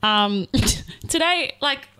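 A young woman co-hosts a comedy podcast in loose, casual chat. Her voice is bright and a little high, and it swings up and down a lot as she tells stories. She breaks into laughter often. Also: very slow. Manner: laughs often, animated storytelling. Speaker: podcast co-host.

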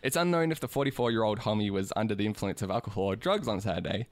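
A man's voice: fairly low pitch, expressive, racing, no room sound. A man co-hosting a podcast in casual chat, joking and poking fun at himself. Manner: joking, self-deprecating storyteller. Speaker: podcast co-host.

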